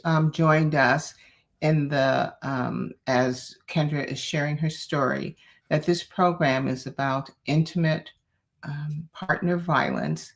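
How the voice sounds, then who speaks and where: Low-voiced, slow-talking woman host. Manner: soft, encouraging, frequent listening murmurs. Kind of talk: interview hosting.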